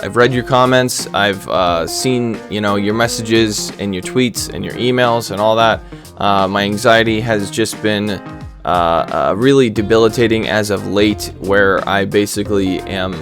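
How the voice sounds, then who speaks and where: A man with a fairly low voice talks through a video game match in a loose, casual way. He stutters, restarts and pokes fun at himself as he goes. Soft guitar music plays quietly behind him. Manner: self-deprecating, rambling with stutters. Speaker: gaming commentator.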